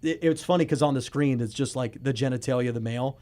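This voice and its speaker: A young man in his early twenties hosting a casual podcast, retelling stories in an animated way and often laughing as he talks. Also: mid-range voice, quick pace. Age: early 20s. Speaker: podcast host.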